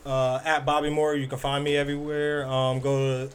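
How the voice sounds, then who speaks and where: A young man co-hosting a podcast in casual chat, excitable and laughing through his stories. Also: medium pitch, normal speed, a little hiss or hum. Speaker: podcast co-host.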